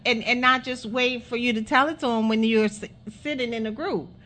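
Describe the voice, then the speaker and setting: Lively woman hosting a show, bright crisp voice, kinda high. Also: brisk. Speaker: talk show host. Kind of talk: casual interview chat.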